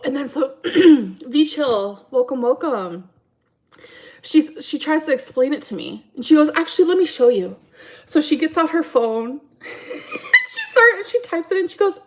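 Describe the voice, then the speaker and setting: A woman's voice: sits high, animated, a little slow. A woman streaming from home, chatting casually and rambling through a story time while answering her chat.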